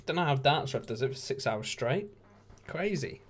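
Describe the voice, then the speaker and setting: Sleepy guy doing relaxed watch-along commentary, joking around. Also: medium pitch, moderate pace, slight background noise. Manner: laid-back, chatty, jokey asides. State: tired, yawning. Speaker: stream host.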